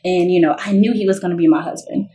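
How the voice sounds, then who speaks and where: A woman guest talking through a personal testimony in an earnest, conversational way. Her voice sits a little low for a woman, and she leans on "like" as she goes. She jumps up in pitch when she acts out what people said. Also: fairly even intonation, fast talker, mellow, a little hiss or hum. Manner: earnest, heavy use of "like" fillers; reenacts dialogue in raised voices. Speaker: podcast guest.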